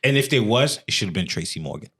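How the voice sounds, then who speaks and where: A man co-hosting a podcast in casual chat, talking slowly and trailing off into low asides. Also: very animated, a bit bright, husky. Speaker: podcast co-host.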